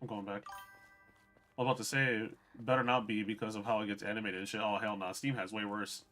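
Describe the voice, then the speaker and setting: A man's voice: lowish voice, little pitch movement, quick pace, pushed and bright, faint music behind. A man streaming a game, chatting casually and profanely to his viewers. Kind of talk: casual gameplay commentary.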